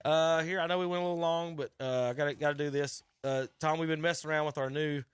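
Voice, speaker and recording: A middle-aged man, hosting sports talk radio and telling a rambling, animated coaching story with many restarts. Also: fairly high pitch, quick pace. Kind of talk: casual radio chat narrating a video clip. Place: radio studio.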